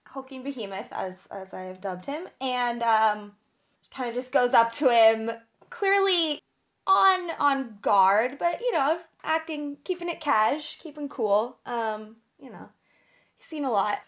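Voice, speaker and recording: A woman playing in a tabletop role-play game who chats in a relaxed, joking way. Her voice sits a little higher than most women's. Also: measured pace. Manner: joking, chatty, with laughter. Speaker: player.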